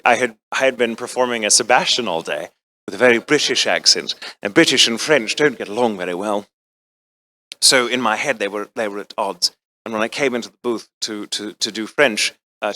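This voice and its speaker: A male voice actor telling a behind-the-scenes story to a convention panel audience. He tells it in a lively way and acts out the people in it. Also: lowish voice, moderate pace.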